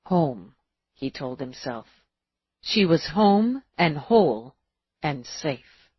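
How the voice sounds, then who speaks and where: A woman reading an audiobook in a steady, measured way, in a dull, dry recording. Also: low-pitched, breathy edge, dry recording. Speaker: audiobook narrator. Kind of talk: audiobook narration.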